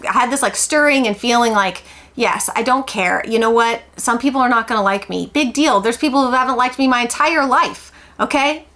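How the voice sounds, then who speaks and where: Woman, homeschool vlogger, confessional, emphatic, self-mocking, slightly high pitch. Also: brisk, a bit bright. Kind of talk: candid confessional vlog.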